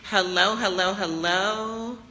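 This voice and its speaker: A woman's voice: mid-range voice, steady tone, takes it slowly, pushed and bright. Woman coach, emphatic live-stream talk, phone mic, long echoing reverb. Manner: emphatic, greets viewers by name. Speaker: business coach. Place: vacation house, moving indoors and out. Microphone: phone held at arm's length.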